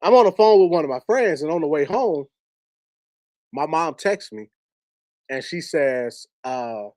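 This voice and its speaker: A man's voice: a little high, expressive, darkish tone, no room sound. Candid man with a dry, close sound. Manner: candid, halting, laughs while telling stories. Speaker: host. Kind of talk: personal storytelling on a livestream.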